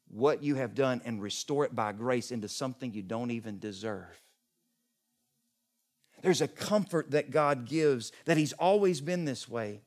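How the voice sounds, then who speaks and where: Impassioned male pastor preaching a sermon. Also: medium pitch. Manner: impassioned, swings between loud emphatic peaks and soft hushed lines.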